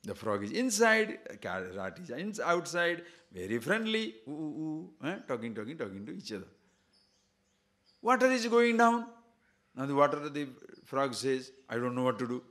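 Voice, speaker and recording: A man giving a spiritual discourse, telling a fable in an animated way and checking in with his listeners as he goes. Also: a little high, moderate pace. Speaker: spiritual teacher.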